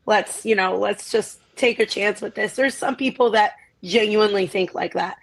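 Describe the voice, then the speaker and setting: A woman's voice: mid-range voice, moderate pace, vocal fry, rough recording. A woman giving casual political commentary in a pointed, emphatic way.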